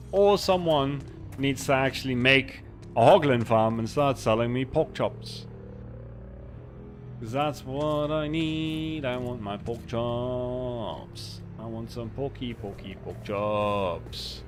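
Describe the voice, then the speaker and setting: A man streaming a game, chatting casually, rambling and mocking himself while reading chat aloud into a desk microphone. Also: fairly low pitch.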